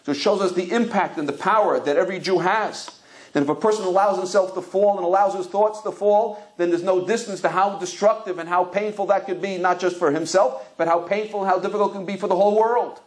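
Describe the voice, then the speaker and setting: Speaking quickly in a high, steady voice, this rabbi tells story after story during his Torah lecture. He often stops and starts his words over again and again.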